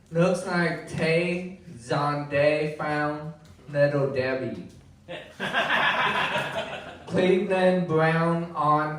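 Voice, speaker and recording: A man from Canada roasting at an open mic in a slow, deadpan way. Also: on the high side. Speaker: stand-up comedian. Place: small comedy venue. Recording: echoey room, distant mic, faint ambience.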